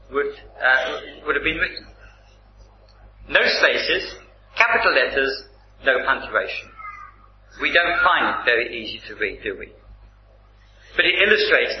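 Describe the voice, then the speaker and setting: Slow, roomy-sounding male preacher. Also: mid-range voice, a little hiss or hum. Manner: measured, emphatic Bible teaching. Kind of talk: sermon. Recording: roomy, slightly dull recording.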